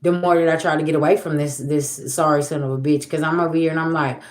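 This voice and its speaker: A woman's voice: low-pitched, fairly even intonation, fast talker, hardly any pauses. A woman in her forties talking casually on a livestream, blunt and emphatic, swearing freely and speaking straight to her viewers. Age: 40s. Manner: addresses viewers directly. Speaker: psychic livestreamer.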